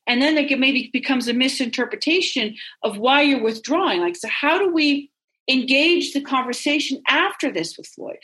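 A woman's voice: high-pitched, expressive, moderate pace, bright, forceful tone. A woman in a casual discussion, reflecting thoughtfully and raising open questions.

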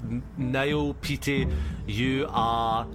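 A man's voice: mid-range voice, fairly even intonation, very slow. A man narrating as game master, rambling with many ums. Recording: music under the talk.

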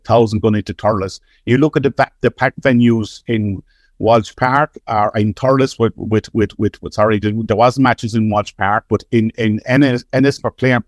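Irish man, animated sports pundit. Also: medium pitch, dry recording, studio quality. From Ireland. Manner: animated, keeps asking "right?".

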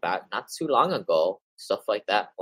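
A man's voice: fairly low pitch, very animated, moderate pace, a bit bright, slightly rough, no echo, low-quality recording. A man hosting a real estate investing show, reading from articles and adding casual opinions, with some stumbles. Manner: reads passages then adds offhand opinions, some stumbles.

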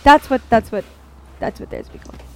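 A woman's voice: fast talker, darkish tone. A woman chatting casually on a comedy podcast, rambling and trailing off, recorded over a remote call. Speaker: podcast co-host.

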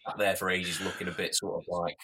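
A man co-hosting a podcast, chatting casually and telling animated stories with plenty of laughter. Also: low-pitched, quick pace, crowd noise. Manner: animated storytelling, laughs a lot. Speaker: podcast co-host. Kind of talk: casual chat.

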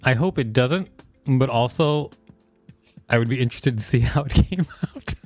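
A man's voice: normal speed, darkish tone, soft background music. A man co-hosting a podcast, reading facts aloud and joking around in casual chat. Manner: jokey, reads aloud with playful pitch swings. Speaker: podcast co-host.

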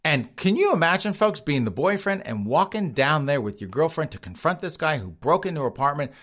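A man's voice: a little high, very animated, brisk, a bit bright. A man hosting a comedic news show, reading stories and joking about them while addressing his audience directly.

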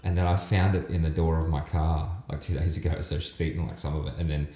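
Deep-voiced joking Australian man. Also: steady tone, fast talker, dark tone, echoey room. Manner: joking, teasing, laughs easily. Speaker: podcast host. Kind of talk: casual podcast chat.

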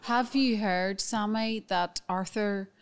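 A woman's voice: medium pitch, fairly even intonation, slow, smooth. A woman, hosting a podcast in a chatty, upbeat way. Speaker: podcast host. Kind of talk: casual podcast chat.

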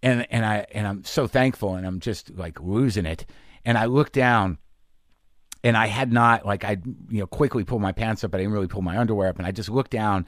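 A middle-aged man hosting a podcast, telling a candid comic story in a halting, confessional way full of fillers. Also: on the low side, no room sound, clean studio sound. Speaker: podcast host and comedian.

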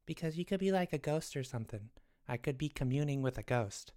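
A woman voicing Jeffrey, a scatterbrained, excitable young boy who rambles as a comedy podcast co-host. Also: very deep voice, fairly quick. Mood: curious. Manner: scatterbrained, rambling, easily sidetracked.

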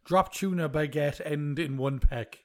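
A man's voice: fairly high pitch, a little slow, darkish tone. A young man co-hosting a podcast, chatting casually, swearing and laughing a lot. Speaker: podcast co-host.

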